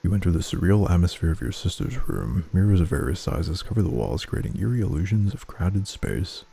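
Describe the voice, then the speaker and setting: A man's voice: low voice, lively intonation, a little fast, gravelly, warm tone, slightly rough. A young man playing a game, reading its text aloud and making crude, sardonic remarks. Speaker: let's play gamer. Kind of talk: casual game commentary and reading.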